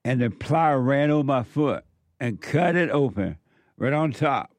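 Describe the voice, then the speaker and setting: A man's voice: medium pitch, lively intonation, measured pace, dry recording, studio quality. A man hosting a commentary show, preaching emphatically and telling stories from his youth. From southern United States. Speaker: commentary host.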